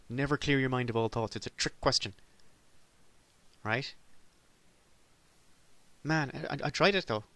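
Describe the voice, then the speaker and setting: His voice is lowish and a bit bright, recorded with no echo. He's an Irish host of a solo comedy podcast who rambles in a self-deprecating way, now and then erupting in exasperation.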